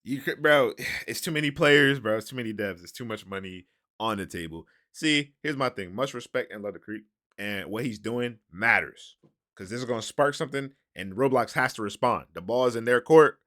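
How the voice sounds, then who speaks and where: A man's voice: mid-range voice, expressive, moderate pace, sharp tone, no room sound, clean studio sound. A man reacting to a video in casual commentary, laid-back and slangy, calling everyone "bro". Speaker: reaction channel host.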